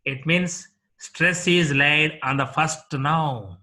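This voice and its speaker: A man with an Indian English accent teaching a slow, deliberate lesson, repeating word lists one item at a time. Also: fairly high pitch, bright, forceful tone. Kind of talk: classroom lecture.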